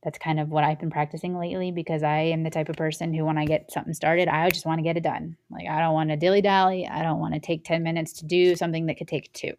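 Young mom host just chatting, slightly low voice, jumps into little scenes with voices. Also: female voice, level tone, fast talker, few pauses, darkish tone, clear, resonant tone. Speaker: parenting podcast host. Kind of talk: casual solo talk.

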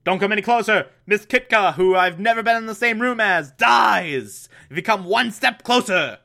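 A man's voice: high voice, normal speed, vocal fry, sharp tone, voice pushed up, exaggerated voice. A man playing a smug female cat burglar villain, making a threat in a slightly raised voice. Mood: threatening.

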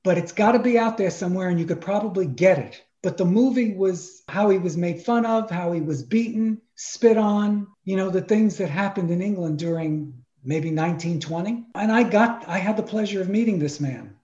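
A man from Brooklyn, a podcast guest telling animated personal stories in an emphatic, exclamatory way. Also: high-pitched, moderate pace, few pauses. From Brooklyn, New York. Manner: emphatic, exclamatory, spells out names. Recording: roomy, dull sound.

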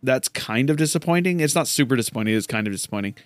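A man's voice: mid-range voice, expressive, racing, no room sound, studio quality. A man giving casual, rambling commentary while playing a video game, often incredulous at what happens. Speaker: gamer. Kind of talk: let's play commentary.

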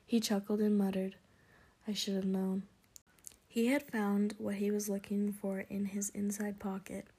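A woman reading a storybook aloud in a soft whisper, in whispered role-play. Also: mid-range voice, slightly rough. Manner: slow, hushed storybook reading.

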